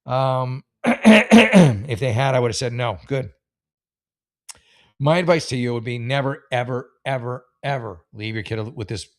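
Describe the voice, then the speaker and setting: A man's voice: mid-range voice, no room sound, clean studio sound. A man hosting an advice show, reading a listener's story and ranting about it with profane, sarcastic exasperation.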